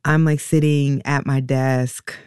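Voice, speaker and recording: A woman being interviewed about her life. She speaks haltingly and reflectively, with many pauses and restarts, and sounds emotional and close to tears. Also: rumbling low, little pitch movement, darkish tone, clear, resonant tone, dry recording. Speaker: interview guest, a mother. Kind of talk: personal storytelling in an interview.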